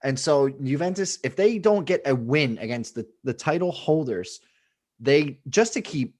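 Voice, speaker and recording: A man's voice: mid-range voice, lively intonation, a little slow, darkish tone. A man co-hosting a casual football podcast, laid-back and joking, with some swearing. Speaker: podcast co-host. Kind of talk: casual sports chat.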